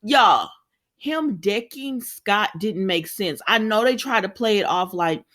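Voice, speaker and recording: A woman casually chatting to her viewers as she recaps a soap opera, animated and often laughing. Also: medium pitch, takes it slowly. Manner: frequent laughter and sighs. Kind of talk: casual chat.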